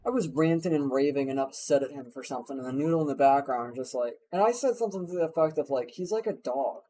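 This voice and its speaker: A man's voice: medium pitch, quick pace, mellow, slight background noise, poor audio. A man streaming a game, chatting casually in a crude, rambling way and swearing often. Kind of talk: casual gameplay banter.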